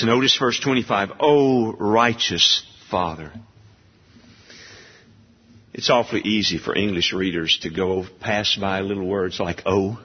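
Male preacher, slow and deliberate, husky voice with a lively swinging pitch, dull recording in a long-echo hall. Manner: slow, emphatic, rising to a high ringing pitch on key words. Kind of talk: sermon. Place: church sanctuary. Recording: dull long-reverb church hall sound.

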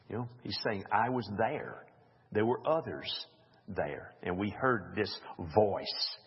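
A man's voice: lowish voice, breathy edge. A man leading an informal Bible study, musing aloud and reading passages with off-the-cuff asides. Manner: slow, musing, reads scripture aloud with asides. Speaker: Bible teacher. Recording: dull lo-fi recording with long hall reverb.

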